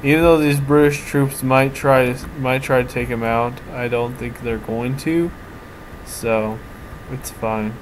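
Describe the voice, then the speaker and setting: A man at a middle pitch talks through his moves in a strategy game, thinking aloud and restarting his sentences. A steady hum of background noise runs under his voice. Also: a little slow, rough recording. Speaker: let's play commentator. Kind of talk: casual strategy game commentary.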